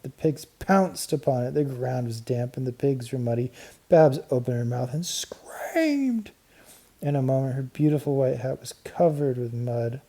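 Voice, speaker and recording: A man reads a children's story aloud in a warm, mellow voice. His pace is steady and clear, and his emphasis lifts at exciting moments. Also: mid-range voice. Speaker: audiobook narrator. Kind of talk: storybook reading.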